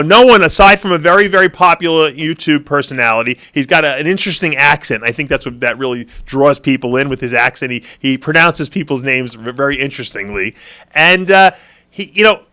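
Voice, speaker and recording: A man's voice: a little high, sharp tone. A man co-hosting a talk show, telling stories in a rambling, casual way. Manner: rambling, many fillers and restarts, chuckles along. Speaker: podcast co-host. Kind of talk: casual opinionated chat.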